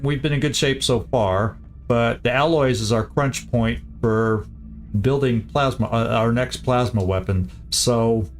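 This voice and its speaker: Guy streaming a strategy game, talking to himself, mid pitch, repeats words a lot, quiet music behind. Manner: thinks aloud, repeats words, muttering asides. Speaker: gaming streamer. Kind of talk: casual gameplay commentary.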